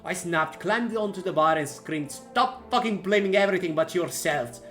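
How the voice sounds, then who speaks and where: A man's voice: sits high, normal speed, a bit bright, faint music behind, pitched above the performer's own voice. A man voicing an angry, bitter bar patron in a vague made-up accent with rolled R's.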